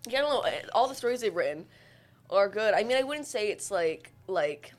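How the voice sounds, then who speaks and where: A woman's voice: mid-range voice, expressive, fairly quick, soft background music. Rambling woman full of "um"s. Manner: rambling, full of fillers and restarts. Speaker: podcast co-host. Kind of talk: casual podcast chat.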